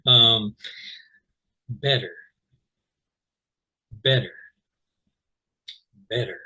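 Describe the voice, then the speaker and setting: Husky-voiced American man teaching pronunciation. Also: medium pitch, poor audio. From Central California, USA. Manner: relaxed and chatty, many ums and uhs, repeats words slowly to demonstrate. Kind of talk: explaining pronunciation to learners.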